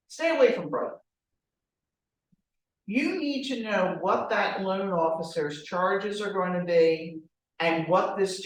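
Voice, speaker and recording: Speaking at a distance from the mic, this woman teaches a real estate training class with a direct, lively delivery full of rhetorical questions. Her mid-range voice echoes heavily around the room, and there's slight background noise.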